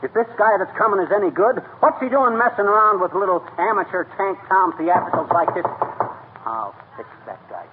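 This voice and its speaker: An actor playing a blustering, boastful small-town husband who stammers when flustered, in 1940s radio comedy acting on a tinny, hissy old broadcast. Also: male voice, sits high, lively intonation, fairly quick. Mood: scoffing.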